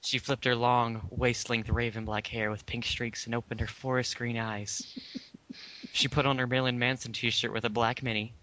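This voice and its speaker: A man's voice: mid-range voice, level tone, moderate pace, sharp tone. A man, a podcast guest, reading fan fiction aloud with mock-earnest flourishes. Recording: dull lo-fi podcast audio.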